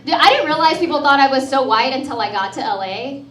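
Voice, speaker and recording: High-voiced woman doing stand-up. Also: animated, fast. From Texas. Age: 30s. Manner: chatty, sarcastic, laughs at her own jokes. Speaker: stand-up comedian and host. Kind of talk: stand-up comedy set. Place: comedy club in front of a live audience. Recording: roomy club sound from a distant mic, audience laughter. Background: crowd laughing and cheering.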